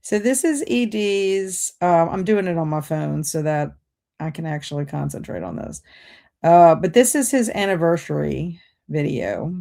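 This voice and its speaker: A woman's voice: low-pitched, expressive, a little slow, vocal fry, mellow. A woman hosting a livestream, chatting casually and reading out viewer comments while multitasking. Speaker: BookTube livestream host.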